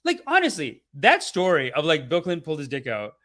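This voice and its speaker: A young man hosting a casual, rambling review, profane and animated, who slips into mock voices for the people he describes. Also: fairly high pitch, fairly quick. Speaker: show host reviewing a documentary series.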